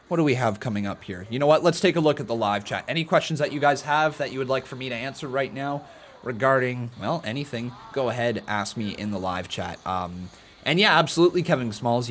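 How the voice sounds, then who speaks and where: A man hosts a live watch-along stream, chatting casually, greeting viewers by name and speaking to them in an earnest, encouraging tone. His voice is mid-range and a bit bright, with slight background noise.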